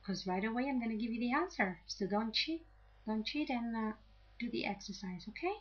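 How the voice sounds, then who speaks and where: A woman's voice: a little high, animated, fairly quick, breathy edge. A woman teaching an English grammar lesson, explaining patiently and checking in with "okay?" after each point. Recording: slightly dull lo-fi audio.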